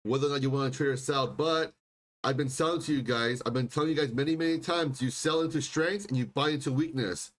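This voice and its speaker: A man hosting a live stock and crypto stream, talking insistently and repeating himself, often clearing his throat. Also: mid-range voice, fast talker. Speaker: livestream stock and crypto host. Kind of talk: live market commentary.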